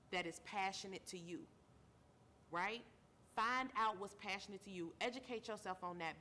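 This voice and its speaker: A weary woman host speaks earnestly to her listeners at a middle pitch, building her points through repetition. A faint hum of noise sits beneath her voice. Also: sharp tone. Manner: earnest, repeats phrases for emphasis, calls listeners baby. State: tired. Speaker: show host; mother. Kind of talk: heartfelt talk-show monologue.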